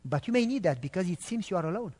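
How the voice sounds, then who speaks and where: A man playing a calm, wise father who gives advice softly and gently. A long hall reverb surrounds the quiet voice. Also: sits high, fast, husky. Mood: gentle.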